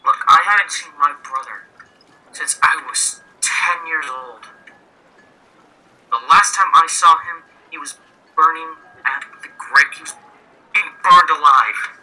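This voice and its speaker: A man's voice: on the high side, unhurried, long pauses, bright, forceful tone, exaggerated voice. A man playing an earnest grieving crewmate. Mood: earnest, consoling. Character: earnest man consoling his captain over his dead brother. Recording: phone-like lo-fi line.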